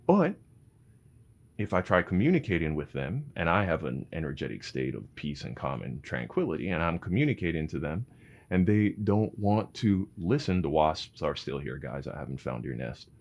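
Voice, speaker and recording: Deep-voiced man with a lively delivery. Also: moderate pace, creaky, muffled recording. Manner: animated, swears freely, calls listeners bro. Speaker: parent giving advice. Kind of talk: casual advice monologue.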